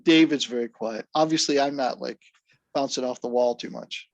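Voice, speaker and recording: Man, drummer guest, even-keeled storyteller, gravelly, dry sound. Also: mid-range voice, moderate pace, no echo. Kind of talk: casual interview conversation.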